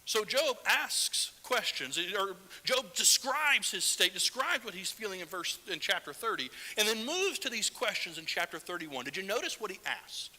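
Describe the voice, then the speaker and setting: A man's voice: high-pitched, big pitch swings, normal speed, hardly any pauses, sharp tone. A man preaching a Sunday sermon, reading scripture aloud with strong feeling and asking the listeners questions. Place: church sanctuary. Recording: roomy church hall with faint hiss.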